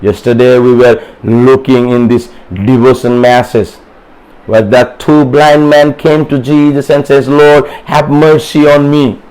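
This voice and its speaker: A man's voice: medium pitch, little pitch movement, a little slow, a little mellow, smooth, low-quality recording. A man preaching a sermon as a pastor, fervent and repetitive, calling on listeners to answer him. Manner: fervent, repetitive, calls for responses.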